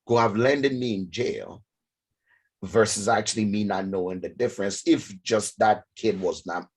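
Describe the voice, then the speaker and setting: A man whose first language is French, telling a lively story as an interview guest and acting out the voices of the people in it. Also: lowish voice, normal speed, husky. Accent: French-speaking African. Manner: animated, acts out voices in his story.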